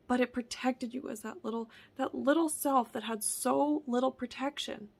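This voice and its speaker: A woman vlogger talking in an earnest, reflective personal monologue, often sinking into a soft whisper and circling back over her own phrases. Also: high-pitched, normal speed, creaky, few pauses. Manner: repeats and restarts phrases. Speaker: wellness vlogger.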